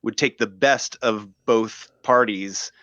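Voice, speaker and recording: Low-voiced man on a dull, dry line. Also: takes it slowly, bright, forceful tone, no room sound. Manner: thoughtful, hedging, many "like" fillers. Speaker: radio host, podcast guest. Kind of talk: casual conversation.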